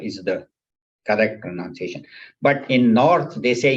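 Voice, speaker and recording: A man's voice: medium pitch, normal speed, slightly rough, dull audio. A man teaching a scripture class at a spiritual center, explaining patiently and repeating key points. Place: class at a spiritual center, also on video call.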